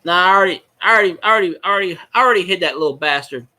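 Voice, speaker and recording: A man's voice: high-pitched, racing, sharp tone. A man, a fan vlogger rambling and swearing as he chats with viewers on a casual livestream. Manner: rambling, profane, talks to viewers in chat.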